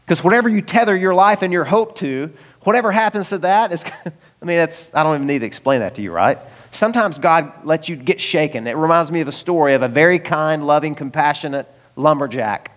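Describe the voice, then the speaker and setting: A man from the United States preaches a sermon in a relaxed, conversational way. His voice sits a bit high for a man. He chuckles often and turns to the congregation with little asides. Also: brisk. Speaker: pastor.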